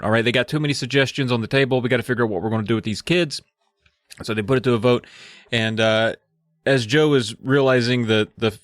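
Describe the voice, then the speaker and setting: A man's voice: medium pitch, fairly bright tone, no room sound, studio quality. A man co-hosting a podcast, telling a story with mock drama and swearing. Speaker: podcast co-host. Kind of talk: casual chat recapping a book.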